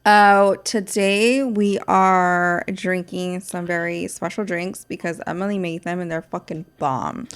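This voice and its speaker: A woman hosts a relaxed podcast conversation. She talks chattily and loosely, repeating words for emphasis and leaning on fillers. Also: lowish voice, measured pace, few pauses, smooth. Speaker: podcast host. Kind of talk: casual chat.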